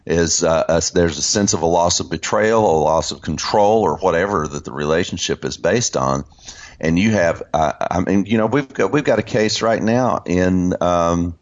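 A man teaching about scripture in an unscripted discussion, speaking haltingly with many fillers and restarts. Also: deep voice. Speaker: Christian teacher. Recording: dull lo-fi sound.

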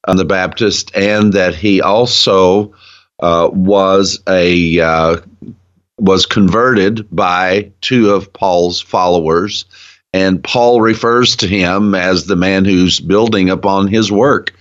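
A man with a very deep voice talks slowly and earnestly as a guest in a casual Bible discussion. He is clearly enthusiastic about his subject. The audio is muffled and lo-fi. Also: fairly even intonation. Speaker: guest, ministry founder.

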